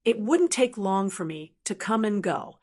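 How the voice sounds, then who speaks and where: A woman voicing a calm, confident young man, a martial hero in an audiobook, speaking with smiling assurance. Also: mid-range voice, measured pace.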